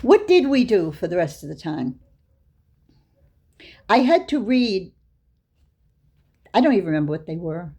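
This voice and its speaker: Older woman telling stories, mellow and husky. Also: on the low side, big pitch swings, unhurried, long pauses. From Boston area, USA. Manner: anecdotal, acts out dialogue with her own voice. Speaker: Islamic lecturer. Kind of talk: storytelling lecture.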